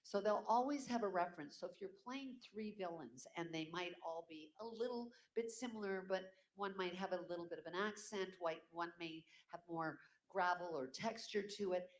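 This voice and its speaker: An older voice actor at a convention panel answering fan questions casually, animated and breaking into playful character voices. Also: medium pitch, normal speed, hardly any pauses.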